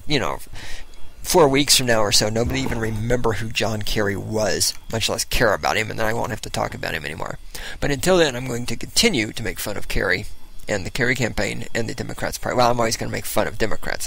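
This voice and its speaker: A man's voice: fairly low pitch, animated, brisk, creaky, a bit bright, poor audio. A man hosting a political commentary show, mocking and ranting as he reads out quotes with scorn.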